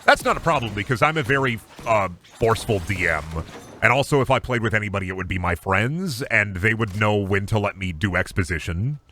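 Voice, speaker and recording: A man's voice: lowish voice, animated, brisk, sharp tone. A man streaming a game, chatting casually in a rambling, silly, self-deprecating way. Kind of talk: casual chat while gaming.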